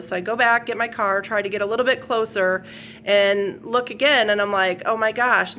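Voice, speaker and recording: A woman's voice: mid-range voice, pushed and bright, slight background noise. A middle-aged woman earnestly retelling a dream as a personal faith testimony, rambling with fillers and quoted lines. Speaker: faith video host. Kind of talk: personal testimony, casual storytelling.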